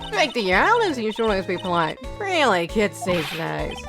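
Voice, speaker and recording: A woman's voice: medium pitch, wildly swooping pitch, moderate pace, music in the background. A woman voicing a bossy, haughty old woman who scolds the young and dotes on a star, reading game dialogue on a stream. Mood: scolding.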